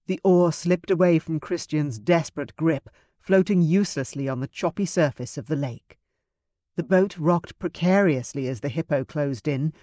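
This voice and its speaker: A woman narrating a romance audiobook in a measured, expressive reading. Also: deep voice, no room sound, clean studio sound.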